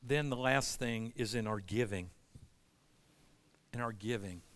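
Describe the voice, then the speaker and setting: A man's voice: lowish voice, a little slow, fairly bright tone. A middle-aged male pastor preaching a sermon, impassioned and conversational, reading scripture and acting out what God and churchgoers might say.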